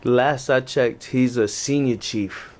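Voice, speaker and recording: A man's voice: mid-range voice, slow, darkish tone. A man with a New York accent, a podcast guest telling military stories in casual slang, often restarting his sentences. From Jamaican family. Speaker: podcast guest, navy veteran. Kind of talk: casual storytelling chat.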